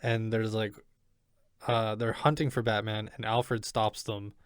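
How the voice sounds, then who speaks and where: A man's voice: lowish voice, little pitch movement, unhurried, clear, resonant tone, no echo, clean studio sound. A man co-hosting a podcast in casual chat, insistent about his points and leaning on filler words. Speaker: podcast co-host.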